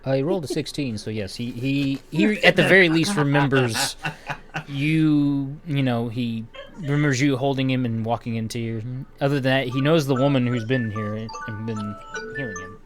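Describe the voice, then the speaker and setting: A man's voice: mid-range voice, normal speed, over music. A man narrating as game master in a casual, filler-heavy way, often breaking into laughter.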